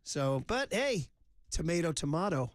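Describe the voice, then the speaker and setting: Middle-aged radio host, chatty storyteller. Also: male voice, a little high, big pitch swings, measured pace, no echo, studio quality. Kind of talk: casual sports radio chat. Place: radio studio.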